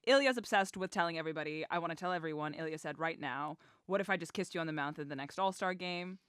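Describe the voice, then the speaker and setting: A woman co-hosting a podcast who reads highlighted passages aloud from a book and laughs along in casual chat. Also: fast, fairly bright tone, clear, resonant tone, dry recording, studio quality. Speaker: podcast co-host.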